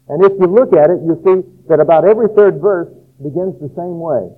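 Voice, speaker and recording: A man's voice: a little high, fairly quick. Preacher man on narrow-band radio. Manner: rhythmic preaching, dramatizes scripture and crowd voices. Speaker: pastor. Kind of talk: sermon. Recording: phone-like narrow radio broadcast.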